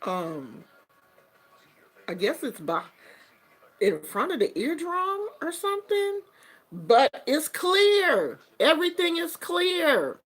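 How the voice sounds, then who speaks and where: Bright-voiced woman chatting animatedly. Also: high-pitched, slow, long pauses. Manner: animated, acts out quotes. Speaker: host. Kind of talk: casual storytelling chat.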